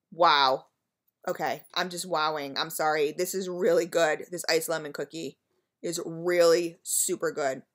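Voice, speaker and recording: A woman's voice: lowish voice, fairly bright tone. A woman reviewing scented wax melts in a casual home vlog, chatty and gushing, talking straight to her viewers with frequent ums.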